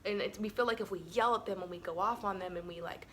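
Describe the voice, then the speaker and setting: A woman's voice: medium pitch, quick pace, a little hiss or hum. A woman co-hosting a relationship webinar, talking casually with her partner, laughing often and filling her talk with "like" and "um". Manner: chatty, laughs often, many "like" and "um" fillers.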